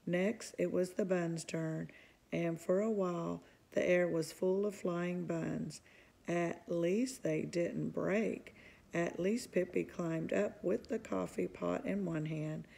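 A woman narrates a children's storybook aloud in a calm, even manner. Her voice is strongly gravelly and husky, with a dark, mellow tone. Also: lowish voice, takes it slowly. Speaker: storybook reader. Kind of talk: reading a children's book aloud.

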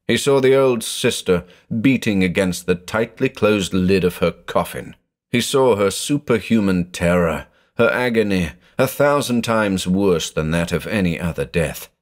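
A man with a very deep voice narrates a horror tale. He takes his time, letting each phrase land, and his pitch rises and falls with lively drama. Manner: dramatic, measured storytelling.

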